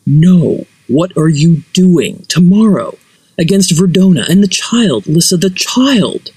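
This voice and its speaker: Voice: mid-range voice, animated, slow, darkish tone, slightly rough, no echo, voice pushed up, exaggerated voice, poor audio. A narrator voicing a young man cursed to live as a bear, earnest and anxious, in a dry, close audio story. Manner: earnest, pleading.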